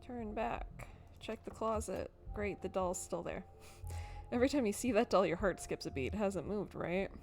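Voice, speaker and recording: A woman's voice: mid-range voice, moderate pace, darkish tone, faint music behind. A woman streaming a story game live, reading choices and making playful, giggly asides.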